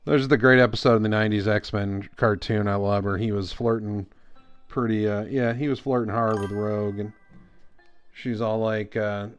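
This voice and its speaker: A man streaming a live drawing session, talking through his work in a relaxed, rambling way with lots of fillers. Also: on the low side, normal speed, smooth, lo-fi sound, faint music behind. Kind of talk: casual commentary while drawing.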